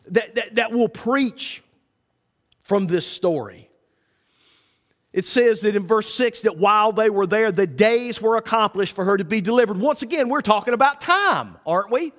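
A pastor preaching with folksy, storytelling flair. His voice is high and swings widely in pitch. The sound carries the long reverb of a church hall. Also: a bit bright. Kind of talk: sermon.

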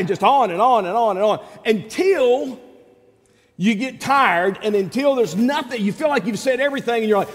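Man, middle-aged, pastor, sermon, folksy, high voice, long hall reverb. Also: moderate pace. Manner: folksy, animated preaching with rising shouts.

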